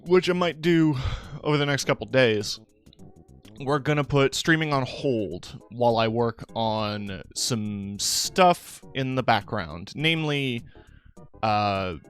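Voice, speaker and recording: A man's voice: mid-range voice, clean tone. A young man streaming live, chatting casually with his audience in a rambling, tired way full of fillers. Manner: rambling, relaxed, talks to chat with fillers. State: tired, yawning.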